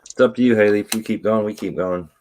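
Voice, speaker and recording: Deep-voiced man talking fast. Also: darkish tone, slight background noise. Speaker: co-host. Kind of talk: casual chat while building.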